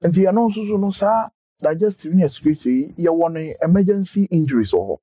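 A man with a husky, dark voice who keeps the chat going with questions and short agreements. His pitch is middling and the sound is dry and close. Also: expressive, a little fast, no room sound. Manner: asks follow-up questions and backchannels often. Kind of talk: casual health chat.

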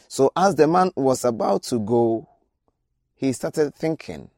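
A man preaching a radio sermon, retelling scripture and then urging his listeners with repeated direct appeals. His voice is mellow and dark, with lively rises and falls in pitch. The sound is close and dry. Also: slow pace, dry recording.

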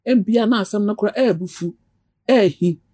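A woman who is a pastor's wife, chatting as a guest and telling lively stories with hushed asides. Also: mid-range voice, unhurried, slightly rough, dry recording. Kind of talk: casual chat.

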